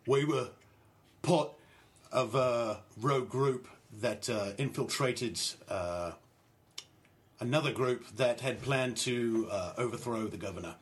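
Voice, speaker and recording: A man playing a tabletop role-playing game, speaking in character and tossing in wry, quick asides. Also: medium pitch. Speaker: player. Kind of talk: casual tabletop game chat.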